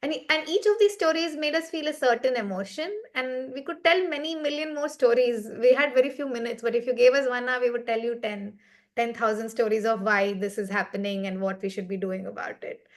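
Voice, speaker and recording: A woman's voice: on the high side, fairly quick. A woman leading a meditation session on a video call, telling a story in a reflective, conversational way and often checking in with "right?". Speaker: meditation facilitator.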